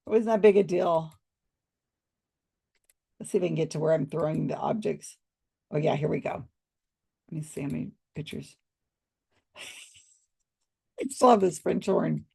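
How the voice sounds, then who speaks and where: Gravelly older woman telling stories. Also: sits low, steady tone, moderate pace, long pauses, darkish tone. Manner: chatty, laughs often, acts out quoted reactions. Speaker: storyteller showing old photos. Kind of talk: casual storytelling to camera.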